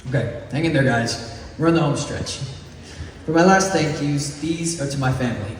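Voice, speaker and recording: A man of about eighteen giving a heartfelt, joking graduation speech as valedictorian. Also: fairly high pitch. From East Texas. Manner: heartfelt, joking, slow deliberate phrasing with chuckles. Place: large echoey hall or gym. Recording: echoey hall from far off, faint noise.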